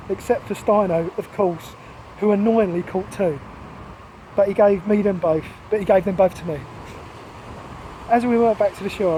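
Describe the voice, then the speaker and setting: A man telling a story from his own life in an animated, chatty voice, dropping cheeky asides. His pitch sits high but his tone is dark and mellow, with a faint hum behind him. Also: low-quality recording. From Barking, London, England. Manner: lively, chatty, chuckling asides. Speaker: author reading his own memoir. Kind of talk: personal storytelling.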